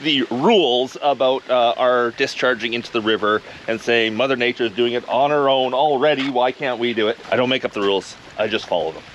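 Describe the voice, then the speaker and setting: A man's voice: medium pitch, fairly quick, hardly any pauses, fairly bright tone, lo-fi sound. A man vlogging outdoors by a cold river while he pans for gold, chatting casually and exclaiming at what he finds. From Canada. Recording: wind noise on the mic.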